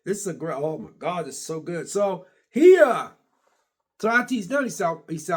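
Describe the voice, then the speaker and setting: A man vlogging a series review in a casual, rambling way, restarting sentences and getting excited as he retells scenes. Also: sits high, normal speed, husky. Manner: excitable, laughs and exclaims. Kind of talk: casual rambling reaction chat.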